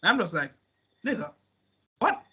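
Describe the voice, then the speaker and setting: A man co-hosting a podcast with a husky voice, ranting animatedly in slang-heavy casual chat. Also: sits high, big pitch swings, moderate pace, pushed and bright. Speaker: podcast co-host.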